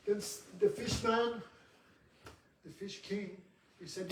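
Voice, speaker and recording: A man's voice: sits high, steady tone, slow pace, long pauses, slight background noise. A man teaching a religious class, telling a scripture story with joking questions to his students. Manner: chatty, joking asides to students. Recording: roomy hall from a distant mic.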